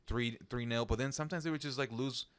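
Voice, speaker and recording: A man co-hosting a casual football podcast, relaxed, saying "dude" and easily amused. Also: medium pitch, fast, clean tone. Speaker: podcast co-host.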